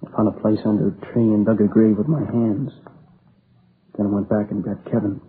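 An actor playing a grieving young man who tells, haltingly and in a subdued voice, how his friend was killed, in a radio drama. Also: fairly low pitch, flat delivery, close to an everyday voice. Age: young adult. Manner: halting, subdued, plain-spoken. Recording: tinny lo-fi old radio recording with faint hiss.

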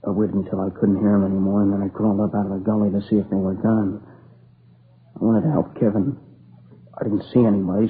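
An actor playing a shaken, exhausted young man who talks in halting restarts, near tears, in a 1950s radio crime drama. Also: lowish voice, natural voice. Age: young adult. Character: shaken young man, grieving survivor of a robbery. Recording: tinny lo-fi old broadcast with hiss.

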